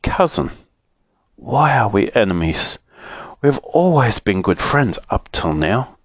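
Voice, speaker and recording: A man's voice: medium pitch, very animated, measured pace, no echo, pitched above the performer's own voice. A man voicing a big, sorrowful father bear in a storybook reading, mournful in tone.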